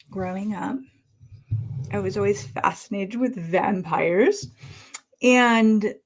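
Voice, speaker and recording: A woman hosting a casual live stream, talking with a slight lisp from costume fangs, musing and trailing off as she speaks. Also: medium pitch. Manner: slow, musing, trailing off and restarting. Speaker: livestream host.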